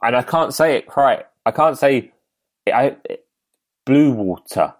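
A man's voice: medium pitch, normal speed. Chatty southeast English man. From Kent, England. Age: 20s. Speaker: podcast host. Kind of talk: casual chat.

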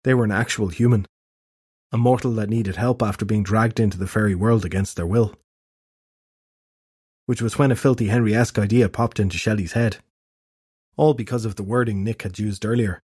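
A man narrating a fantasy novel in steady, even storytelling. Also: on the low side, normal speed, long pauses, husky, no room sound, clean studio sound. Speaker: audiobook narrator.

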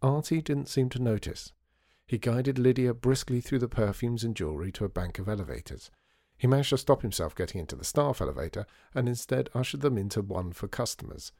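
A man narrating a storybook in a measured, gently wry way. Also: mid-range voice, expressive, gravelly, dry recording, clean studio sound. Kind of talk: storybook reading.

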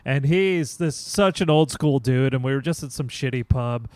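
A man's voice: medium pitch, moderate pace, darkish tone, no room sound. A man, co-hosting a comedy podcast, reading from a magazine in a wry, crude way and laughing into his reading over a video call. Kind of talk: casual chat, reading aloud from a magazine.

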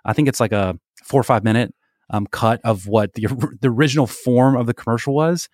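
A man's voice: mid-range voice, a little fast, a little mellow, no echo. Dry-humored man, podcast co-host. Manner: dry, jokey, lots of filler words. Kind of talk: casual sports and pop culture chat.

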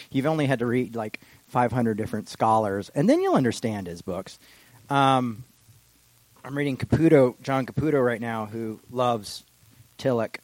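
A man preaching a casual, rambling sermon that slows for solemn readings. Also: mid-range voice, a little mellow, no room sound, low-quality recording. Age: adult with children. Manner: casual and digressive, slows down for quotations. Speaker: pastor. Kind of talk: informal sermon.

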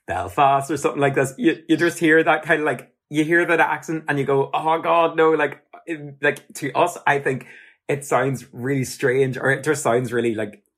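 Brief: Northern Irish man, mid-pitched, loose and rambling as interviewer. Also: a bit bright. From Northern Ireland. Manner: rambling, many fillers like "like". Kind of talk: casual interview questions.

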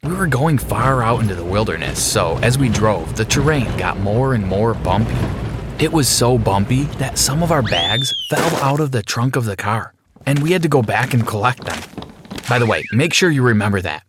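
A man's voice: mid-range voice, animated, normal speed, heavy background noise. A man narrating a dramatic first-person adventure story from a script.

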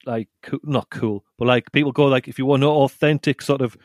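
A man's voice: mid-range voice, steady tone, brisk, dry recording. Rambling man on a podcast, dry sound. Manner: rambling, repeats himself, reads reviews aloud with laughs. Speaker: podcast co-host. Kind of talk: casual chat.

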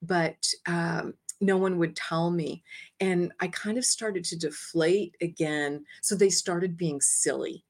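Woman guest, lower voice, lively storyteller who acts out her own lines and laughs lightly. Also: slow pace. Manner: laughs lightly between phrases. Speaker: interview guest, energy healer. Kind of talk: personal storytelling.

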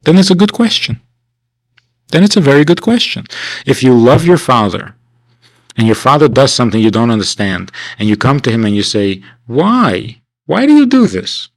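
A man's voice: medium pitch, a little fast, no echo, low-quality recording. A man teaching a class at a winter camp in a conversational lecture style, asking rhetorical questions and acting out the people he quotes. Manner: animated, acts out the people he quotes.

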